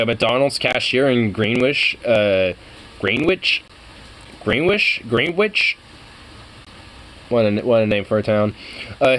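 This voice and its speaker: A young man reacting to a video, ranting in a heated, profane, casual way. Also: medium pitch.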